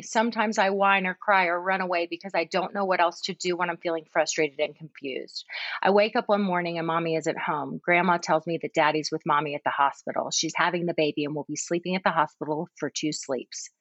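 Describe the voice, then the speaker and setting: A woman's voice: lowish voice, fairly bright tone, no echo, muffled recording. A woman reading as a confused three-year-old older sibling. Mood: wistful. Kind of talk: reading a child's story aloud.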